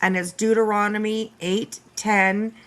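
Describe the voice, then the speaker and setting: Woman, host, casual reaction commentary, bright voice, slow delivery, profane, exasperated. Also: mid-range voice, level tone. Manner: profane, exasperated, laughs often. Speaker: host reacting to stream clips.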